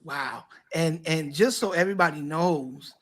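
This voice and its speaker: A man who is a pastor, hosting a casual talk show and warmly bringing guests to the stage. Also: a little high, a little slow. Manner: lively, hypes up guests. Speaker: pastor and host.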